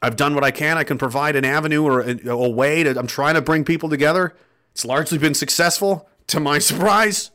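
A man's voice: fairly high pitch, brisk, pushed and bright. A man speaking to his viewers in an impassioned, profane, rambling monologue. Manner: profane, rambling, fervent, with restarts. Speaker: online commentator.

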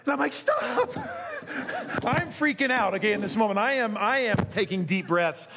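A middle-aged man preaching a sermon, telling a story with animation before turning quiet and earnest. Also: mid-range voice. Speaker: pastor.

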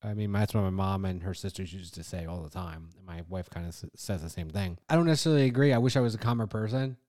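Blunt low-voiced man, podcast co-host. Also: quick pace, a little mellow. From Italian-American household. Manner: blunt, swears, acts out exasperated quotes. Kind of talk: casual chat.

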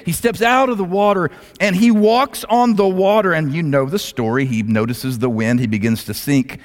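A male pastor preaching a sermon as a dramatic storyteller who swings between loud, rising lines and hushed, low ones. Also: normal speed, few pauses. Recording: long hall reverb.

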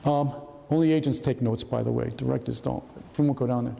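A man's voice: medium pitch, a little fast, vocal fry, in a large hall. A man in his seventies, a retired agent giving an anecdotal talk, acting out the voices of people in his stories. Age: 70s. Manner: lively storyteller who acts out quoted voices. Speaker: retired FBI agent guest speaker. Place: hall at a historical society event.

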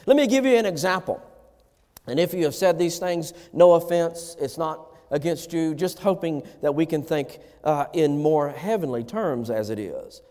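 A man's voice: fairly high pitch, lively intonation, moderate pace, dark tone, in a large hall. A man preaching a sermon as pastor to his church, impassioned, his voice rising and falling through the message.

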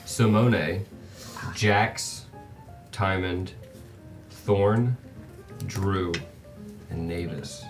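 A man's voice: sits low, drawn-out words, long pauses. A man running a tabletop game as game master, narrating casually with fillers and restarts. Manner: casual, hesitant, sweary. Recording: distant mic with faint music.

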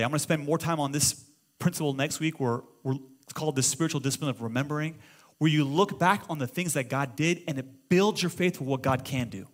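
Animated middle-aged pastor preaching. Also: male voice, fairly high pitch, a little fast. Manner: animated, swings from loud exclamations to hushed storytelling. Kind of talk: sermon. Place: church auditorium.

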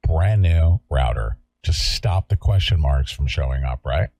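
Gravelly, combative ranting talk-show man. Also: very deep voice, lively intonation, measured pace, dry recording. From California. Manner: loud, combative, sarcastic ranting. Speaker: show host. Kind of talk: heated talk-show rant.

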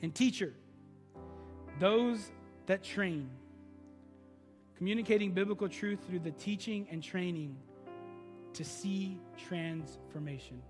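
A man's voice: high-pitched, slow, long pauses, in a large hall, faint music behind. A man preaching a sermon as pastor, telling stories in a loose, conversational way. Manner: conversational storytelling preaching, animated.

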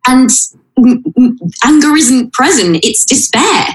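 A woman sits in a room with a noticeable echo, recounting something painful from her own life. She speaks haltingly and with feeling, often restarting her sentences. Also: sits high, lively intonation. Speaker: interview guest. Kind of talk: personal account in conversation. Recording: roomy echo.

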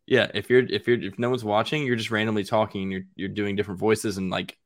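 A man's voice: lowish voice, flat delivery, fast. A man, a father, chatting casually on a podcast, rambling with repeated words and self-mocking humor. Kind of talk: casual chat.

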